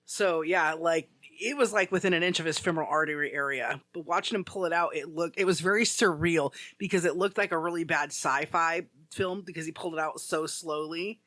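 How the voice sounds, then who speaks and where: A man's voice: a little high, a little fast, hardly any pauses, bright, forceful tone, dry recording. A man co-hosting a casual podcast chat, telling a rambling story full of "like". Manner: rambling storyteller, heavy use of "like". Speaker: podcast co-host.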